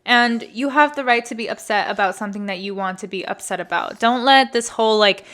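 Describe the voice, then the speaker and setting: A woman's voice: mid-range voice, fairly quick, fairly bright tone. A woman in her twenties hosting a podcast, telling a personal story in a candid, chatty way with frequent swearing. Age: 20s. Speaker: podcast host. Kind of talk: casual storytelling monologue.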